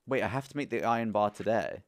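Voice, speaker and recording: Lower-voiced young man streaming to chat. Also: lively intonation, fast talker. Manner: playful, talks to chat, coos at his pet. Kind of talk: live gameplay streaming.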